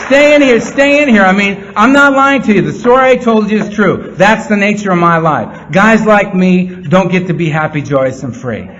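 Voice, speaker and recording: A man giving a speech to a meeting room audience. He talks earnestly, slipping into rapid-fire repeated phrases. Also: sits high. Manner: animated, rapid-fire repetition; earnest, heartfelt. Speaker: recovery meeting speaker. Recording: slightly muffled, faint room hum.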